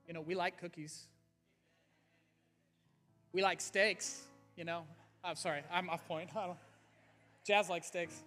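A man's voice: sits high, fairly even intonation, measured pace, long pauses, sharp tone. A man preaching an earnest, conversational sermon to his church as its pastor. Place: church sanctuary. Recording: faint music underneath.

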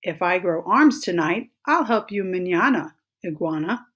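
A sly storybook rattlesnake who keeps promising to help tomorrow, as a woman reading aloud puts him on. He speaks at a leisurely pace with lively pitch. His voice is breathy. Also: unhurried. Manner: smooth, always promising tomorrow. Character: sly, procrastinating male rattlesnake.

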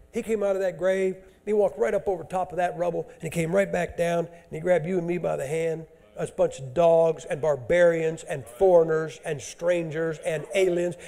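A male preacher delivering a folksy sermon, dropping to hushed asides and rising to loud, emphatic scripture reading. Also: a little high, vocal fry.

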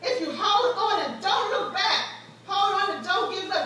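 Woman preaching, real high bright voice, echoey church, sounds far off from the mic. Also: unhurried, a little hiss or hum. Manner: preaching with rising fervor, storytelling. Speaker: guest preacher. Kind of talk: sermon. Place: church sanctuary.

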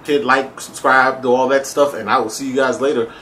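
A man talks straight to camera in a loose, joking vlog, poking fun at himself and breaking into laughter. His voice sits at an ordinary middle pitch, with sudden high jumps when he exaggerates a point. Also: steady tone, brisk, sharp tone, soft background music. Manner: playful, self-mocking, laughs often, pitch jumps up high for emphasis. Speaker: vlogger. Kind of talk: casual comedic vlog to camera.

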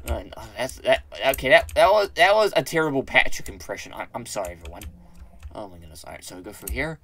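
A man hosting a let's play, commenting excitedly on his own gameplay, exclaiming, swearing and rambling as he corrects himself. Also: medium pitch, a little fast, dry recording. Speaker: gaming channel host.

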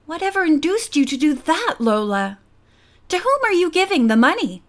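A bold teenage girl detective from a storybook mystery, friendly and encouraging. A woman reads her in a high, clear voice, coaxing and reassuring. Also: sing-song, normal speed.

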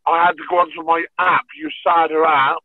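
A man, a podcast guest and former fighter, telling a story in casual, profane, animated speech. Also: on the high side, a little fast, no echo. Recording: tinny phone-like dry sound.

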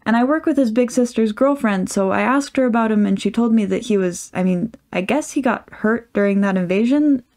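A woman's voice: fairly high pitch, brisk, hardly any pauses, a little mellow, pitched above the performer's own voice, close to an everyday voice. A woman voicing a flustered young man in a storybook reading, nervous and defensive.

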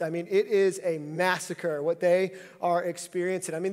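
A man in his thirties preaching a sermon, telling a funny story in a chatty, joking way. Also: high voice. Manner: humorous, conversational storytelling. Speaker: pastor. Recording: long church reverb.

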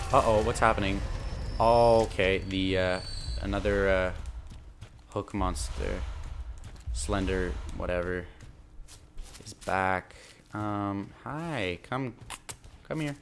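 A young man commentating his own gameplay, excitable and frustrated, swearing and talking back to enemies on screen. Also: fairly low pitch, slight background noise. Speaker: gaming channel host.

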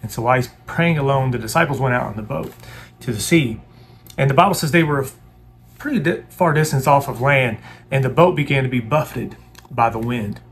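Gravelly-voiced man leading earnest prayer. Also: medium pitch, brisk, fairly bright tone. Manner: earnest, pleading, repetitive. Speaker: pastor. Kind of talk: devotional sermon and prayer.

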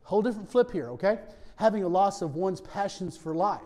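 A male pastor preaching a sermon conversationally, often checking in with "okay?" and dropping to hushed tones for serious points. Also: high voice, animated, fairly quick. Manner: storytelling with rising emphasis, softening to hushed tones.

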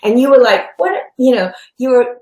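A woman telling an anecdote in animated chat, acting out quotes and laughing often. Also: on the high side, moderate pace, roomy sound, slight background noise, rough recording. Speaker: guest performer. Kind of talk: anecdotal chat over video call.

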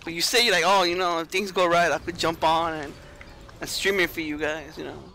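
High bright joking man on voice chat. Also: flat delivery, a little fast, a little hiss or hum. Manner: joking, tries not to curse. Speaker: friend on voice chat. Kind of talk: casual gaming chat.

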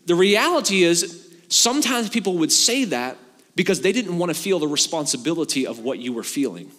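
A man's voice: fairly high pitch, brisk. A man preaching as a pastor, telling the story in a casual, joking way and acting out the dialogue. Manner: animated storytelling with acted-out dialogue. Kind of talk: sermon. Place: church sanctuary. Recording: long hall reverb from a church.

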